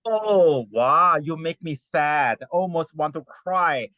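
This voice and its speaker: A man's voice: a little high, animated, slow pace, bright, forceful tone, no room sound, highs cut off. Man teacher giving feedback in broken English. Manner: encouraging, slightly broken English. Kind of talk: classroom feedback.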